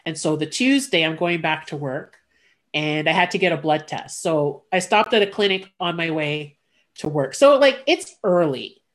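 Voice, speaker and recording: A woman's voice: sits low, moderate pace. Candid chatty woman telling a story. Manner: candid, animated retelling with quoted voices, blunt. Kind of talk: casual conversation, personal storytelling.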